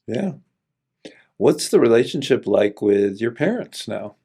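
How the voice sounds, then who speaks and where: A man's voice: medium pitch, big pitch swings, a little slow, dark tone, husky. A man hosting a podcast, asking questions and giving brief, encouraging prompts. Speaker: podcast host. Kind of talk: interviewing.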